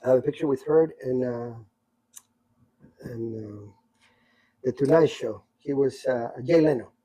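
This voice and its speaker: Man, middle-aged, casual storytelling, husky, animated, stumbles and repeats words. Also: mid-range voice, measured pace, poor audio. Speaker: guest telling life stories.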